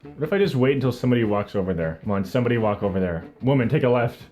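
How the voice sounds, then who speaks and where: Young male streamer, mid-pitched voice, jokey self-mocking play-by-play, faint music underneath. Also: very fast. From Canada. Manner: animated, self-mocking, jokey running commentary. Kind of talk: live gameplay commentary.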